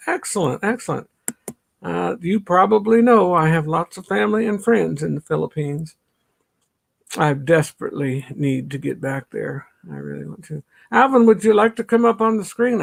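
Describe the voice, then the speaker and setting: A middle-aged man from the suburbs, chatting casually on a livestream, greeting viewers by name and laughing often, a little stuffy from allergies. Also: high-pitched. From northern suburbs of Chicago. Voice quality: gravelly, husky. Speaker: livestream host. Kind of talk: casual live-stream chat reading comments.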